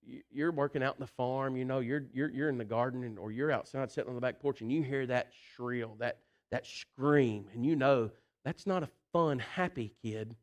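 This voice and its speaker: Loud emphasis gives way to quiet intensity and back again as a man preaches in a folksy, animated style, repeating "listen" and "you know." His voice is mid-range, at a moderate pace.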